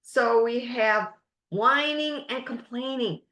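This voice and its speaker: This is a woman life coach teaching a masterclass at an unhurried, deliberate pace. Her voice sits somewhat high and she leans on each phrase. The room around her gives a noticeable echo. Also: bright, forceful tone. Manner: slow, emphatic, drawn-out phrasing. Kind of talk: webinar coaching talk.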